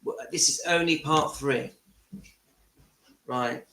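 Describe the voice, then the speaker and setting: A man's voice: fairly high pitch, slow pace, pushed and bright. A man hosting his channel, speaking earnestly and with emotion straight to his viewers. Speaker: channel host. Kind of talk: livestream monologue to viewers. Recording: echoey room.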